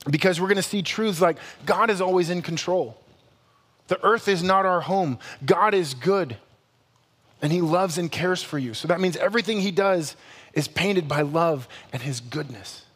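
High-voiced pastor man in a reverberant hall. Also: normal speed, husky. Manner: conversational, animated, self-correcting humor. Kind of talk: sermon.

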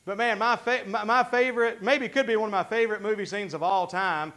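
High-voiced fervent preacher, a man. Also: brisk, a bit bright. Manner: fervent, conversational preaching with many restarts. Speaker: pastor. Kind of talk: sermon.

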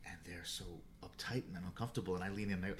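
A man telling a story in casual podcast chat as a guest, animated, restarting his sentences and swearing freely. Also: low voice, quick pace, a little hiss or hum.

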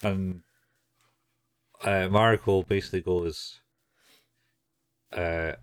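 A man co-hosting a podcast, recapping an anime in a relaxed, plain-spoken way. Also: fairly low pitch, measured pace, no room sound. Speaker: podcast co-host. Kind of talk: casual anime recap chat.

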